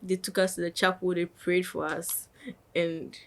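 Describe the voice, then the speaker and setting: A young woman, a podcast guest telling a lively story and acting out what others said. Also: lowish voice, normal speed. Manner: animated, acts out quotes of others. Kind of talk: casual storytelling.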